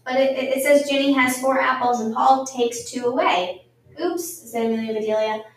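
A woman reading a children's storybook aloud, lively and acting out the voices. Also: high voice, fairly quick, a little hiss or hum. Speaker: storybook reader. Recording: echoey room, far from the mic.

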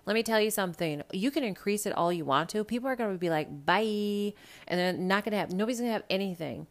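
A woman from the American Midwest hosting a podcast, chatting casually about pop culture with lots of swearing and sudden loud rants. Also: medium pitch, rapid-fire. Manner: profane, animated, swings to loud rants. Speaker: podcast host.

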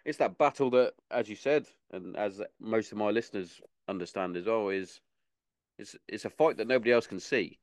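A man's voice: fairly low pitch, moderate pace, no room sound. A man hosting a casual podcast interview, talking loosely and repeating words as he goes. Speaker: podcast host.

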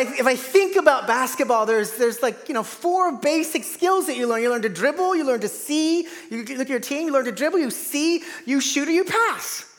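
A man preaching a sermon in a church, dynamic, swinging from loud to hushed. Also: very high-pitched, long reverb tail. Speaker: pastor. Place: large church hall.

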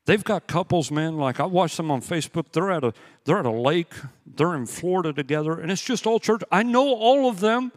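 A man's voice: fairly high pitch, animated, fairly quick. Male pastor preaching in a reverberant hall. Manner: conversational storytelling with emphatic repetition. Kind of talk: sermon.

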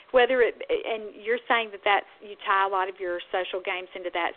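Chatty Southern woman on a tinny line. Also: mid-range voice. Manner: chatty, enthusiastic, frequent restarts. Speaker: podcast host, speech-language pathologist. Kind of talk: casual professional chat.

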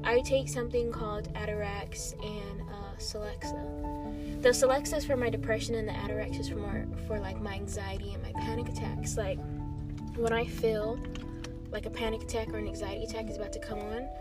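A woman's voice: mid-range voice, a little fast, over loud music. A young woman hosting a podcast, chatting casually with lots of swearing. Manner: profane, animated, swears a lot. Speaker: podcast host. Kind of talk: casual chat.

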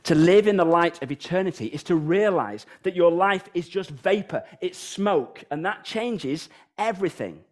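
British man, preacher, sermon, lively up-and-down delivery, fairly high voice. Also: normal speed, hardly any pauses. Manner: animated, rhetorical questions, sings snatches of songs. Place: church.

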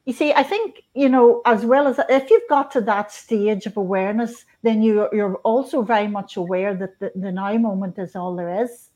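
A woman in her fifties from Northern Ireland, a guest on an interview show, talking earnestly and gently with frequent restarts and soft laughs. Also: mid-range voice, normal speed, hardly any pauses. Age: 50s. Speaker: guest, spiritual author. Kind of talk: conversational interview.

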